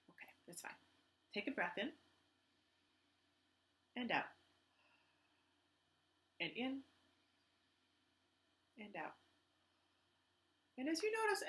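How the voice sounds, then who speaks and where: A woman who is a teaching artist, giving a children's art lesson in an enthusiastic, gently instructive way. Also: on the high side.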